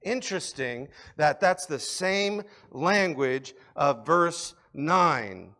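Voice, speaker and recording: A man preaching a sermon with a fairly high voice. His delivery is impassioned and swings from loud, urgent appeals to hushed, quiet stretches. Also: lively intonation, slow pace. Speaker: pastor.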